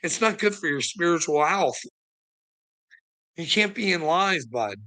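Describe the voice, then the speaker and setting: A man's voice: on the high side, lively intonation, a little slow, pushed and bright. A man delivering a profane, mocking rant to the camera, taunting his target and laughing between jabs. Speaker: online commentator.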